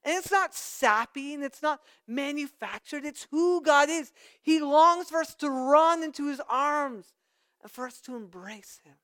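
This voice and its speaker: A pastor preaching a conversational sermon, with playful asides to the congregation. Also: male voice, very high-pitched, measured pace, a bit bright.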